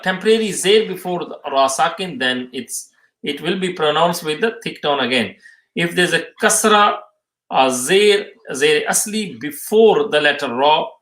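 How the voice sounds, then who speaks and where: Male tajweed teacher, slightly high voice, hesitant, repeats terms, roomy echo. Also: fairly bright tone. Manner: halting, many fillers, restates terms twice. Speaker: Quran recitation teacher. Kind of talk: live tajweed lesson, reading questions and answers. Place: mosque or Islamic centre room.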